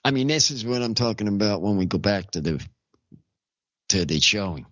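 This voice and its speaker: A man's voice: fairly low pitch, lively intonation, a bit bright, no echo. Rambling man hosting a lo-fi talk show. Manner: rambling, repeats himself, halting restarts. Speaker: radio show host. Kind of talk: casual chat. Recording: dull lo-fi audio.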